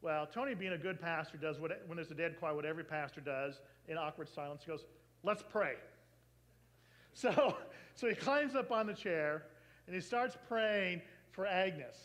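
High-voiced man telling a sermon story. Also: normal speed, poor audio. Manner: animated storyteller, acting out quoted voices. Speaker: pastor.

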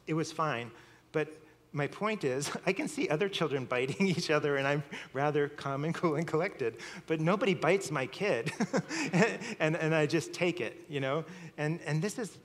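A man's voice: on the high side, normal speed. Chuckling man preaching in a reverberant hall. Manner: storytelling, chuckling often, repeating words. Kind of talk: sermon.

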